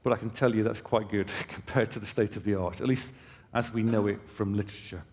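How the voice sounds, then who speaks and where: A man's voice: fairly low pitch, steady tone, a little fast, a little mellow. Man presenting in a reverberant hall. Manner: conversational explaining with casual asides to the audience. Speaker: company presenter. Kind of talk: conference presentation. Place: conference hall stage.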